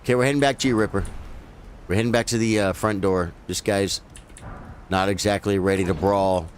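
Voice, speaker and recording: A gaming streamer with a lowish, steady voice talks a little fast, with some hiss or hum in the audio. He gives casual live commentary while playing, addressing his viewers as "bro" and "folks."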